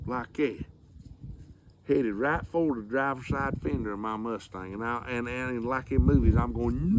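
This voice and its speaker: A man telling a comedy story, animated and acting out sound effects. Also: on the high side, background noise.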